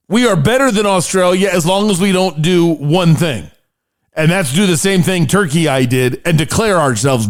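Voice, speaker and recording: A man hosting a sports podcast in a hammy, jokey, excitable way, mixing mock-solemn speeches with fast banter. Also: on the high side. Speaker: podcast host. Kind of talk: energetic sports podcast monologue.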